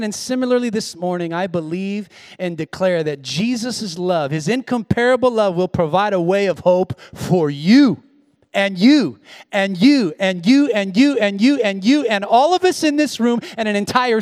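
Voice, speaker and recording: Male pastor, high voice, dry close sound, sermon from hushed to shouting. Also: lively intonation, moderate pace, dry recording. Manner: swings from hushed intimacy to shouted exhortation.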